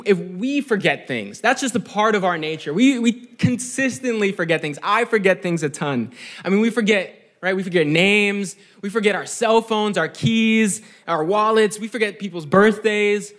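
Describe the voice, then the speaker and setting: High-voiced young man preaching casually. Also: a bit bright. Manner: conversational, keeps asking "right?"; earnest, reflective. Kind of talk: sermon.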